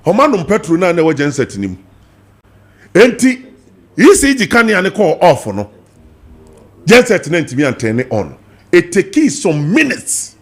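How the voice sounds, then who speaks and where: A man with a Ghanaian accent hosting a heated political talk show, emphatic and animated, switching between English and Twi. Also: sits high, moderate pace, long pauses. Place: TV studio.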